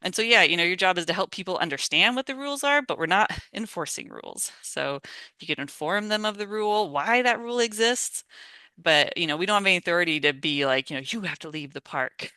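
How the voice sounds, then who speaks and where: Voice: medium pitch, animated, fast, pushed and bright, clear, resonant tone, no room sound. A volunteer trainer giving a casual online training talk, chatty and informal, laughing often and acting out sample lines over a video call microphone. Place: home or office on a video call.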